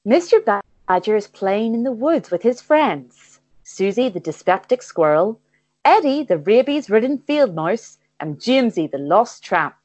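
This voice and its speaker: A woman narrating an improvised comic adventure with playful deadpan timing. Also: medium pitch, measured pace, no room sound. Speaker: comedy guest and game narrator.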